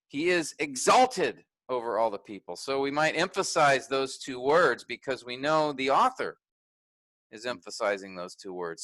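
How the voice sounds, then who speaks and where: A man's voice: mid-range voice, pushed and bright, no room sound, poor audio. A man teaching a graduate workshop in a conversational way, thinking aloud with restarts and fillers.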